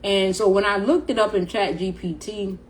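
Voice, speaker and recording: A woman's voice: medium pitch, steady tone, normal speed, slight background noise, poor audio. A middle-aged woman talking casually to camera about spiritual awareness, in a loose, slangy, rambling way, often repeating her words. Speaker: spiritual vlogger.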